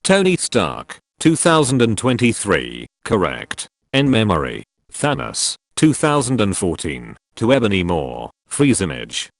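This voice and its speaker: A man reads a movie retelling aloud, naming each speaker as he goes. His voice is low, and his intonation moves a lot. The recording is dry and close. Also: wildly swooping pitch, a little slow, creaky, dry recording. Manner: plain reading, announcing each speaker.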